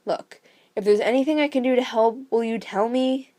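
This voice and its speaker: A woman's voice: fairly high pitch, moderate pace, dark tone, close to an everyday voice. A woman reading the lines of a worried, stern father with grey hair, in her own voice. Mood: weary.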